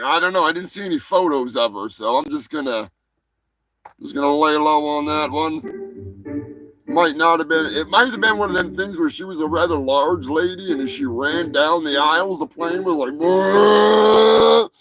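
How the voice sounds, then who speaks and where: A man hosting a live show, chatting casually, joking crudely, swearing and shouting now and then. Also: fairly high pitch, moderate pace, poor audio. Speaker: host. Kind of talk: casual live-stream chat. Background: music playing.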